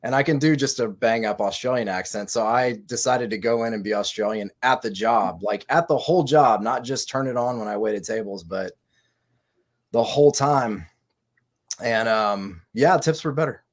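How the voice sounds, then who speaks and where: A man from Texas, co-hosting a casual live chat and telling stories in an animated, joking way. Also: medium pitch, normal speed. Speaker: co-host.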